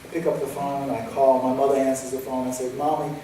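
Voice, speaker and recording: A man giving a sermon as a guest speaker, telling a personal story vividly and moving between lively and hushed passages. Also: medium pitch, fast talker. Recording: echoey hall, distant mic, faint hiss.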